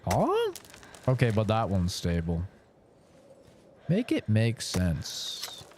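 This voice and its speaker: With a noisy background, a young man with a lowish voice talks slowly as he streams his gameplay. Fatigued from a long session, he swears, has excitable outbursts and talks to himself throughout his live commentary.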